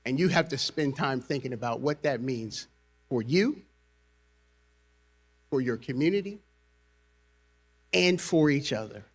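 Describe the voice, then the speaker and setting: A man's voice: medium pitch, expressive, a little slow, pauses often. A man giving a convocation speech as university president, rousing the crowd and leading call and response.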